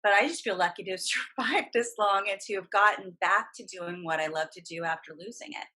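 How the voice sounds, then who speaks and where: A woman's voice: mid-range voice, a little fast, poor audio. A middle-aged woman, a guest voice actress and coach, talking animatedly and emphatically in a casual podcast chat. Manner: animated, emphatic, talks at length.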